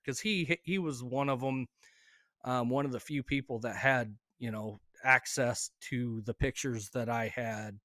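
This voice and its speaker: Halting, emotional man telling a story. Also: mid-range voice, fairly even intonation, fairly bright tone, no echo, clean studio sound. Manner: emotional, halting with fillers and restarts. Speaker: hunter telling his story. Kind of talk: casual storytelling.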